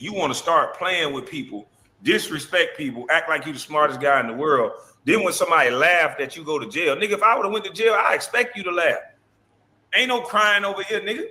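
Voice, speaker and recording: Animated, mocking man ranting. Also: a little high. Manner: taunting, animated, mocking impressions. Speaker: show host. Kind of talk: heated casual rant.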